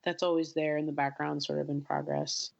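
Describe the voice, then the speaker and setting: A woman interviewed as a guest writer, speaking thoughtfully and hesitantly with many pauses and restarts. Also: low-pitched, little pitch movement, gravelly, lo-fi sound. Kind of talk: casual interview chat.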